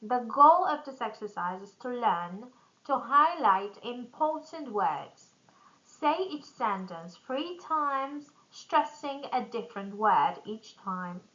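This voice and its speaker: A woman gives a business English pronunciation lesson, speaking slowly and reading each example sentence out with care. Her voice sits a little high and sounds bright. The recording is slightly dull and lo-fi. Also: animated. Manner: addresses viewers as "guys", reads model sentences aloud. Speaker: English teacher. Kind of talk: slow explanatory lesson.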